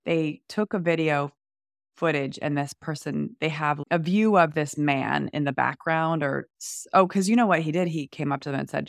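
A gravelly-voiced woman talking haltingly. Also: deep voice, no room sound, studio quality. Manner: halting, stalling, self-deprecating. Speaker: podcast co-host. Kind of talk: casual chat.

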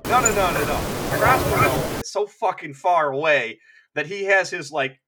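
A man's voice: a little high, expressive, normal speed, heavy background noise. A man co-hosting a podcast, retelling lore in rambling, filler-heavy, profane casual chat. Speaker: podcast co-host.

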